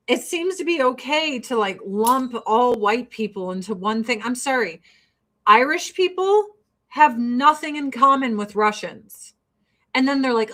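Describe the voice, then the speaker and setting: A woman's voice: high-pitched, expressive, measured pace, a bit bright. Blunt, profane woman ranting. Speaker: beauty vlogger doing her makeup. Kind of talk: casual get-ready-with-me rant.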